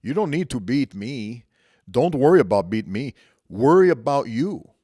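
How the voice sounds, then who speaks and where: A man putting on a calm grappling master with a Portuguese accent. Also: mid-range voice, normal speed, no echo, studio quality. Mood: calm coaching. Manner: calm, plain, coaching phrases.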